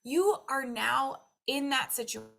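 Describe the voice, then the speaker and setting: A young adult woman coaching on nutrition in a casual, chatty way, her tone bright and clear. She talks animatedly and slips into little acted voices for the thoughts in her head. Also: sits high, unhurried. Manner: animated, acts out her own inner thoughts in quoted voices. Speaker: nutritionist and weight loss coach.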